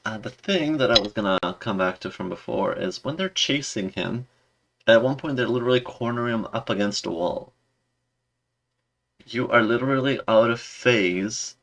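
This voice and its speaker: A man's voice: lowish voice, normal speed, gravelly, a bit bright, a little hiss or hum. A man giving a casual, rambling review in a sarcastic, exasperated tone. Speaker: video reviewer.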